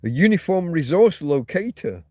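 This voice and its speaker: A man hosting a loose, rambling livestream and chatting to his viewers. He rants and swears freely and trips over restarts and repeated words. His voice is dark and mellow, recorded close in a dry, dead-sounding room. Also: a little high, sing-song, normal speed, no room sound. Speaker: livestream host. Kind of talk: casual rambling livestream chat, reading viewer comments.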